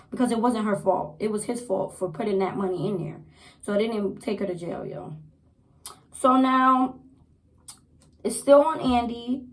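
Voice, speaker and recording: A young woman casually recapping a TV episode, chatty and animated, repeating herself as she goes. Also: medium pitch, poor audio. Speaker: TV show reviewer.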